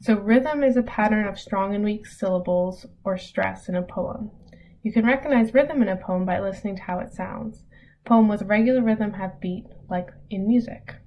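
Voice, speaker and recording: A woman teaching an online lesson in a relaxed, casual way, with many ums as she reads examples aloud. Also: medium pitch, normal speed. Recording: dull lo-fi audio with faint noise.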